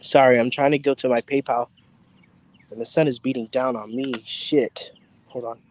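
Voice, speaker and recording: A man hosting a casual live-stream psychic reading outdoors in the sun, excitable and chatty, swearing casually and talking straight to his viewers. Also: mid-range voice, a little fast, a little hiss or hum.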